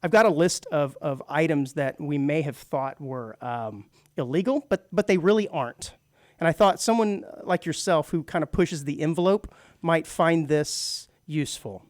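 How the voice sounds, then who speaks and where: A man's voice: fairly high pitch, moderate pace, dry recording. Guy cohosting a radio show, chatty, laughs easy, stumbles over words, dry mic. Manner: chatty, laughs often, many restarts. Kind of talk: casual chat.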